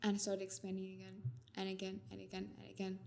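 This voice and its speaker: Fast-talking woman. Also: medium pitch. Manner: rapid, animated storytelling with Arabic code-switching. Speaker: doctor, guest. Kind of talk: casual interview chat.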